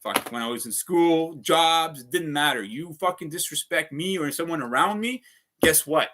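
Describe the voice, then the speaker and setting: Guy ranting on his stream, bright sharp voice, cussing a lot, kinda high. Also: normal speed. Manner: heated, profane, repetitive ranting. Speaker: vlogger. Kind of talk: casual livestream rant.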